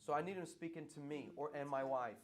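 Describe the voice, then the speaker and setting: A middle-aged man, a pastor, answering audience questions in a lively, playful way that keeps circling back on its points. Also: a little high, fast. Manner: animated preacher, playful, repeats himself.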